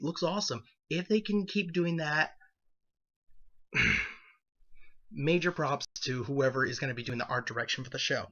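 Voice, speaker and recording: A man talks through his opinions in a loose, rambling way, stopping to restart his sentences. His voice sounds bright and forward. The recording is dull and lo-fi. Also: medium pitch. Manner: rambling, animated, self-correcting. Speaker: video commentator. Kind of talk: casual opinion commentary.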